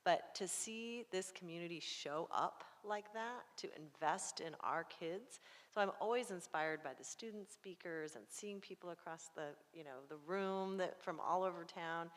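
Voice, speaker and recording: Earnest woman speaking at a public meeting; lowish voice, hall reverb. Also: moderate pace. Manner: earnest, heartfelt. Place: school board meeting room.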